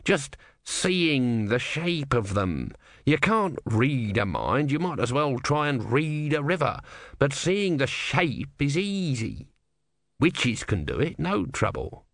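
A man's voice: medium pitch, sing-song, slow pace, gravelly, fairly bright tone, dry recording, studio quality, pitched above the performer's own voice, full character voice. A man voicing a grumpy tortoise god. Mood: exasperated. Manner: sarcastic, exasperated. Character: grumpy bitter male god stuck as a small tortoise.

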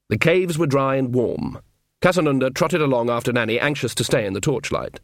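A man's voice: medium pitch, a little fast, no echo. A man reading a comic fantasy novel aloud, telling it with dry, wry humour. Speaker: audiobook reader.

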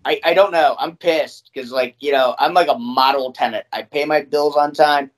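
A man's voice: a little high, moderate pace. Profane ranting Midwestern guy. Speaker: podcast co-host. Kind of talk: casual chat.

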